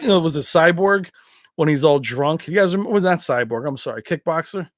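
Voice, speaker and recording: A man's voice: on the high side, animated, fast talker, no echo, clean studio sound. A man hosting a casual livestream chat, rambling from point to point and laughing often. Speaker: livestream host.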